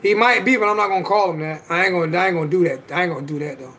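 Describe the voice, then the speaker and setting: A man's voice: high-pitched, rapid-fire, sharp tone. A man hosting a casual livestream chat, talking emphatically in slangy speech and repeating his points. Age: adult with children. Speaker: livestream host.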